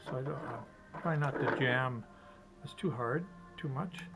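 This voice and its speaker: A man demonstrating fly tying step by step, chatty and relaxed, talking to himself as he works. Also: mid-range voice, a little slow, loud music behind the voice, low-quality recording. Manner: chatty, talks to himself while working, chuckles.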